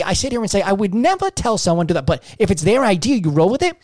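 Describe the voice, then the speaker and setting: A man telling a story in casual chat, swearing often and animated. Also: sits high, rapid-fire, few pauses. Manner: profane, animated storytelling with frequent cursing. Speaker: podcast guest telling a story.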